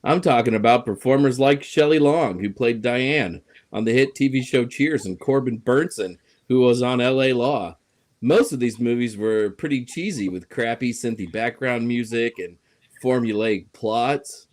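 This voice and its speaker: A man's voice: medium pitch, normal speed, a little mellow. A man co-hosting a casual chat show, joking with a sarcastic edge. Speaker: co-host.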